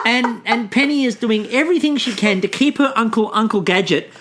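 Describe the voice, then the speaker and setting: A man's voice: very high-pitched, fairly quick, a bit bright. A man co-hosting a podcast, chatting casually and playfully about a baking show, full of puns. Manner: playful, punning, speeds up when explaining. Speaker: podcast co-host.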